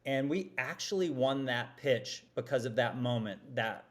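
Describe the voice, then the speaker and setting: A man, an advertising executive, telling lively, self-deprecating stories as a guest on a podcast interview. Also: mid-range voice, unhurried. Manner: animated, self-deprecating storytelling.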